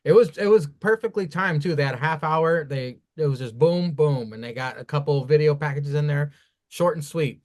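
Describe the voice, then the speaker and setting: A man co-hosting a casual wrestling review podcast, talking in a profane, animated, rambling way. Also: on the high side, normal speed. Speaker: podcast co-host.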